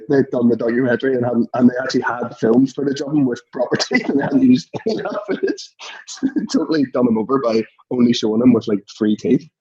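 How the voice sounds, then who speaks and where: Guest: relaxed Northern Irish man in his thirties, raspy tone, tells stories with a laugh, muffled low-fi sound. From Northern Ireland. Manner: chuckling anecdotal storyteller. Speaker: podcast guest. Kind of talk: casual chat.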